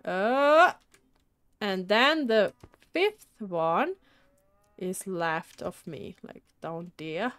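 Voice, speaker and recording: A woman playing through a game and chatting to herself, excitable and prone to mild mock swearing. Her voice is bright and sharp-edged, and she drags her words out slowly. The sound is dry and close, with no room around it. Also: medium pitch, smooth, no echo. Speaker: gaming video creator. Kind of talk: casual let's-play commentary.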